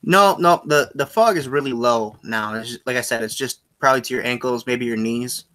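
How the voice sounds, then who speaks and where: A man running a tabletop game as game master, narrating in a halting way and often correcting himself. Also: medium pitch, sharp tone.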